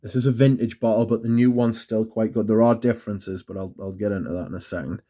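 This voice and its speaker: A man talks through perfumes in a loose, rambling way, laughing at himself as he goes. His voice sits a little low. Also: fairly even intonation, fast, warm tone. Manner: chatty, rambling, self-mocking. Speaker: fragrance reviewer. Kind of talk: casual review monologue.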